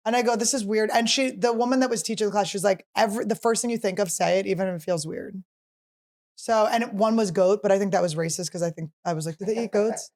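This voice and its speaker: A woman in her forties chatting casually as a podcast host, telling animated stories and swearing freely. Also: medium pitch, fast talker. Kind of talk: casual chat.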